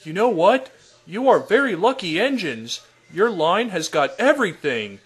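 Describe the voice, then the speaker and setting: Polite, earnest cartoon engine voiced by a man, highish, lively voice, music behind. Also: measured pace. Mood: friendly. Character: gentle, polite male engine from a short line. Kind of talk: fan redub of a children's cartoon.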